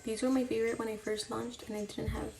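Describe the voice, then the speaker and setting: A woman's voice: a little high, little pitch movement, fast, creaky, a little mellow, soft background music. A young woman chatting casually while she does her makeup on camera, talking herself through each step. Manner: chatty, self-deprecating, talks to herself mid-task. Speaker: beauty vlogger. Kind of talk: casual get-ready-with-me chat while doing makeup.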